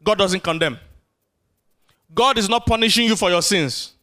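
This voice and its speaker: A man preaching a sermon as pastor, animated, drawing responses from the congregation. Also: sits high, moderate pace.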